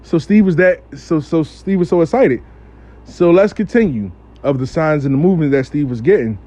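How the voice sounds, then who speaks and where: A man casually telling a story in a slangy, profane, animated way as a spiritual practitioner. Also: on the high side, moderate pace.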